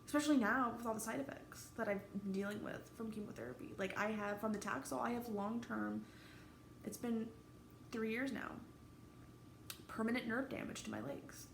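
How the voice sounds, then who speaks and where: Woman, 30s, vlogger, gravelly, raw, halting, roomy room echo with faint background noise. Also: a little high, steady tone. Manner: halting, candid, swears freely, emotionally raw. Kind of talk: personal vlog monologue.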